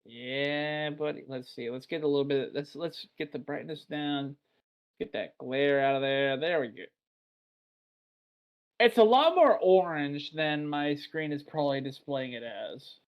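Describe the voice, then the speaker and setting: A man's voice: fairly high pitch, measured pace, clear, resonant tone, highs cut off. A man from Texas hosting a casual beer podcast, chatty and rambling, swearing offhand. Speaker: podcast host. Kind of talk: casual chat.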